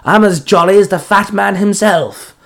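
A man's voice: sits high, normal speed, vocal fry, fairly bright tone, pitched above the performer's own voice. A man voicing a possessed male ice spirit, a menacing villain who sneers and cackles in a storybook reading. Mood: sneering.

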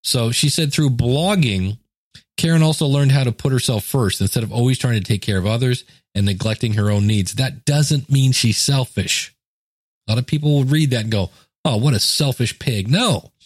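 A man's voice: medium pitch, normal speed, darkish tone, no echo, clean studio sound. A middle-aged man hosting a solo podcast, reading a story aloud and adding earnest, chatty asides. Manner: earnest, conversational, with fillers and emphatic asides. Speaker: podcast host. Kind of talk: casual solo podcast talk, reading and commenting.

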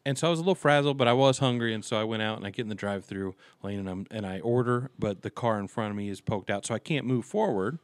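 A man's voice: on the low side, quick pace, few pauses, dry recording. Man, casual podcast chat, rambling with many fillers, dry close sound. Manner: rambling, filler-heavy storytelling. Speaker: podcast co-host.

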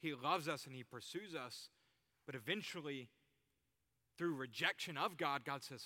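A man's voice: a little high, moderate pace, pauses often, bright, forceful tone. A man preaching a sermon in a conversational way, using everyday examples. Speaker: youth pastor. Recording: reverberant hall.

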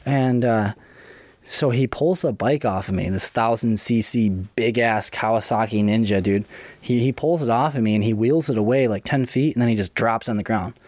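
A young man casually telling his own story, profane and chatty, with quick asides. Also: mid-range voice, darkish tone, dry recording.

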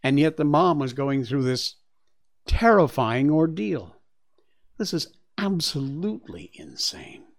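A man's voice: a little high, very animated, slow pace. A man hosting a show, reading news stories aloud and reacting with chatty, exclaiming asides. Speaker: show host. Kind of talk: casual commentary on news stories.

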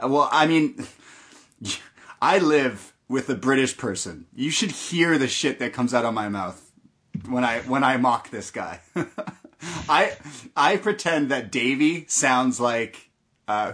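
A man's voice: medium pitch, lively intonation, slow, a bit bright. Casual joking man hosting a podcast. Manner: loose and jokey, swears, frequent restarts. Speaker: podcast host. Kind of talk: casual chat, recapping a wrestling show.

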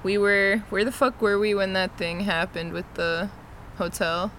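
A young podcast host talks with a New York accent in loose, easy chat. The voice sits at a middle pitch and laughs come quickly. There's a faint hiss under it. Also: flat delivery, a bit bright. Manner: laid-back, laughs often, swears freely. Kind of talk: casual chat.

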